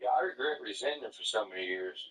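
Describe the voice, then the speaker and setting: A laid-back man speaks plainly in casual conversation, with a bright, sharp tone. He sits away from the microphone, so his voice sounds distant and echoes around the room. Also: lowish voice, animated, fast. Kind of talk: casual chat. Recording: bright, roomy sound from off-mic.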